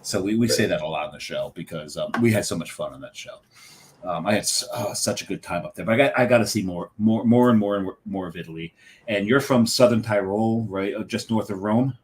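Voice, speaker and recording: A man's voice: on the low side, brisk. A man hosting a casual talk show, telling rambling stories and laughing often. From United States. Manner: chatty, rambling storyteller who laughs often. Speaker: host. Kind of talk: casual chat.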